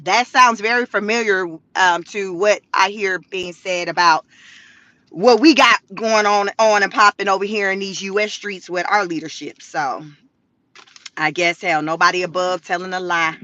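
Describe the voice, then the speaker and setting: A woman's voice: medium pitch, steady tone, normal speed, pushed and bright, dry recording, muffled recording. A woman giving casual, slangy commentary from her car, with laughing asides. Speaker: vlogger.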